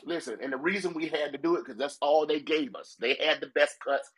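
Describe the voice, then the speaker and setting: A man's voice: on the high side, brisk, a bit bright, breathy edge, low-quality recording. A man who is a pastor, talking on a podcast in an emphatic, preachy way and repeating his points. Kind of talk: casual chat.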